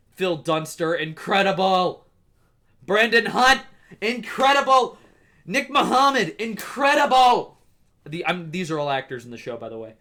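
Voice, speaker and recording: A young man in his twenties hosting a casual solo podcast, gushing excitably and swearing as he talks. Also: a little high. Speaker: podcast host.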